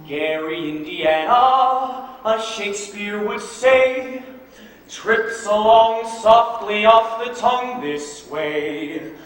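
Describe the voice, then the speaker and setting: A man playing a smooth-talking traveling salesman posing as a professor, with fast, flattering patter in a stage musical. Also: high-pitched. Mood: glib. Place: theater stage. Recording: echoey hall, miked from far off with music.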